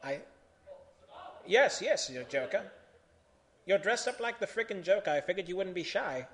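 A man hosting a comic live reading of odd fan fiction, theatrical and bursting into loud shouted voices. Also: high voice, lively intonation, moderate pace.

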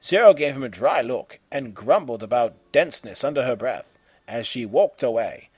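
A man reading a humorous story aloud in an animated way, slipping into silly character voices. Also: medium pitch, moderate pace, breathy edge, no echo. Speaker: fan fiction reader.

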